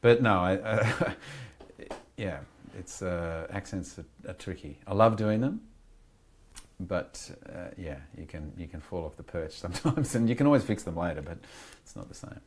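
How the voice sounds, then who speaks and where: A low-pitched Australian man chatting as a guest on a podcast. He rambles in a candid, reflective way and thinks aloud as he goes. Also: expressive, normal speed, a little hiss or hum. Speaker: guest actor. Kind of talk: casual interview chat. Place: podcast studio.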